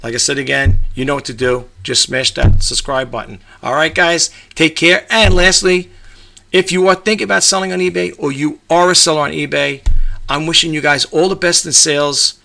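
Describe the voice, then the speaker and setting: A man's voice: a little high, steady tone, normal speed, creaky, bright, forceful tone. A middle-aged man from New York vlogging from his home about reselling, rambling casually with lots of fillers and restarts. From New York, USA. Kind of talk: casual talk to camera. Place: home room with a grandfather clock.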